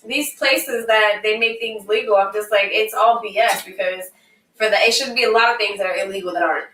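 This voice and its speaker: A woman's voice: mid-range voice, fairly quick, fairly bright tone, distant mic, a little hiss or hum. A woman co-hosting a live stream, chatting playfully with her co-hosts. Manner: playful, talks over others. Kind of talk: casual live-stream chat. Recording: echoey room, away from mic.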